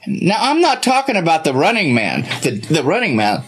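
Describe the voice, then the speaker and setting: A man's voice: fairly high pitch, wildly swooping pitch, a little fast, a bit bright, husky. A man hosting a comedy show, hamming it up in a put-on Southern belle voice, flustered and laughing.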